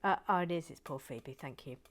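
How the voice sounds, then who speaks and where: A woman hosting a building video, chatting casually and self-deprecatingly, slipping between whispers and soft talk. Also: low-pitched, a little fast. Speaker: host of a building channel. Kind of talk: casual chat while building, partly whispered.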